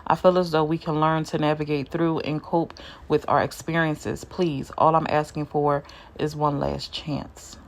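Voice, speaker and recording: A woman reading aloud as a remorseful woman pleading with her ex for another chance, in a low, slow, subdued voice. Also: flat delivery.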